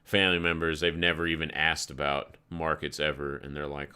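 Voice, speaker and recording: A man's voice: a bass voice, level tone, brisk, bright, forceful tone, clear, resonant tone. A man hosting a live crypto trading stream, talking casually through charts and stories in a rambling, laid-back way and swearing freely. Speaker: crypto trading livestream host.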